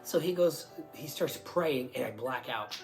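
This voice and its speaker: A man's voice: mid-range voice, a little slow, soft background music. Young man telling a rambling testimony. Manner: rambling storytelling full of "like" and restarts; relives moments with bursts of excitement. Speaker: guest giving a testimony. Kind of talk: casual spoken testimony.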